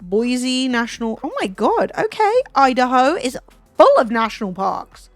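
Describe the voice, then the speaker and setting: A British woman with a high voice chats on a stream, teasing and disbelieving, with casual swearing. Her voice sits dry and close to the mic, with faint music playing underneath. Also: sing-song, unhurried, no echo. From Britain. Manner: teasing, incredulous, swears freely. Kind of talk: casual chat with a guest.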